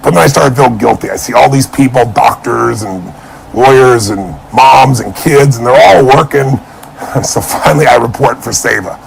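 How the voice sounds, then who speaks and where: Gravelly-voiced man telling a motivational story. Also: mid-range voice, moderate pace, slight background noise, rough recording. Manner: animated storyteller acting out dialogue. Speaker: motivational speaker.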